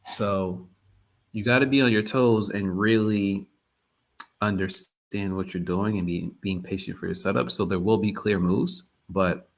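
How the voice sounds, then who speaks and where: Gravelly, low-voiced man hosting a stream. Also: fairly even intonation, unhurried. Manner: chatty, loose, repeats himself often. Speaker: trading livestream host. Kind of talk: casual live-stream chat.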